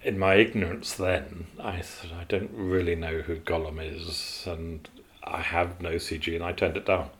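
Deep-voiced male animator telling stories. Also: fairly even intonation, normal speed, fairly bright tone. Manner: rambling, with many fillers and restarts. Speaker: animator guest. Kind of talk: interview storytelling.

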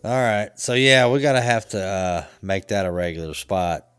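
A man with a low voice, relaxed and easygoing as he swaps stories with a friend. He laughs often and keeps the tone loose. The recording is dry and close, with no room sound. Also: moderate pace, smooth, no room sound. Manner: laid-back storytelling, laughs often. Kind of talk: casual chat.

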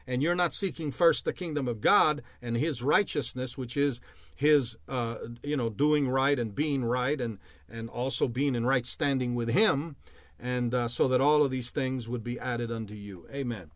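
A man's voice: medium pitch, normal speed, dry recording, clean studio sound. A male preacher teaching a sermon, emphatic, with refrains like "amen" and "bless God" and frequent self-amused laughs. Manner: emphatic, laughs at himself, many uh fillers.

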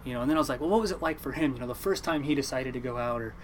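A man's voice: mid-range voice, racing, slight background noise. A young man, a commercial fisherman from the Oregon coast, telling a story in a casual interview and acting out the other people's voices as he goes. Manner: animated storyteller, acts out quoted voices.

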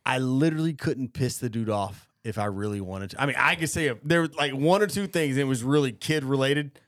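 A young man spins a loose, profane story on a casual podcast. He talks at a mid pitch and leans on constant fillers and restarts. His voice is recorded dry and close. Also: a little fast, dry recording. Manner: profane, rambling, full of fillers. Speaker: podcast host.

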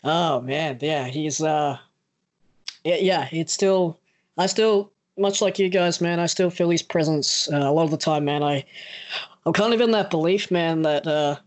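A man's voice: fairly high pitch, measured pace, dry recording. A young man hosting a casual podcast interview, telling stories animatedly, swearing freely and acting out quoted lines. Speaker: podcast host.

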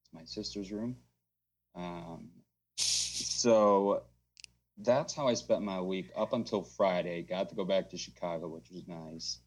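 A man co-hosting a podcast remotely from a home basement, talking in a low-key, dry way that trails off. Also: a little slow, husky. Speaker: podcast co-host. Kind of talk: casual chat.

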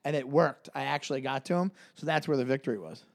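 A man's voice: mid-range voice, quick pace. A man, co-hosting a podcast and telling a story in casual chat, acting out the people he quotes. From New York. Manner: animated, acts out quoted voices loudly. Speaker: podcast co-host.

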